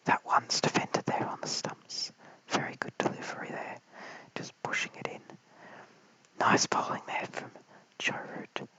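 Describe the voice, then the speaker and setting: An Australian man giving whispered cricket commentary late at night at home, mic held very close, hushed and apologetic as he chats with viewers. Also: measured pace, no room sound, rough recording. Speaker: live stream cricket commentator. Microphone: held very close to the mouth.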